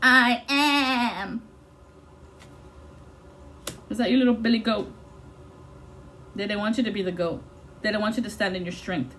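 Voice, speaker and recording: A woman's voice: medium pitch, unhurried, long pauses, fairly bright tone, a little hiss or hum. A woman giving an intuitive tarot reading in an intense, blunt and profane way. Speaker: tarot reader.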